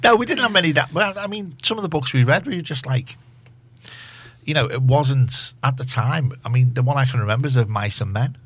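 A man's voice: mid-range voice, brisk, husky, no room sound. A British man, a radio co-host, telling jokey school stories in casual chat. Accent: British English. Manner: jokey storyteller, animated retellings.

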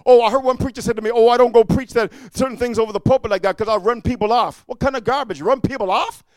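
A man preaching a fiery sermon, repeating "amen" and swinging from low muttering to shouting. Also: fast talker, no room sound. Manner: repetitive call-and-response, frequent "amen".

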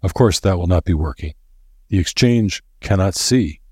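A man reading aloud, voicing a grim, solemn old professor who speaks gravely. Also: deep voice, darkish tone, no echo, clean studio sound. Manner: grave, measured. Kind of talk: audiobook character voice.

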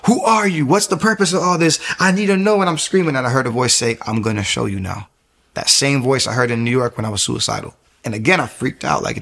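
A young man telling his life story as a personal testimony, fast and animated with many restarts. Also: medium pitch. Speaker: testimony speaker.

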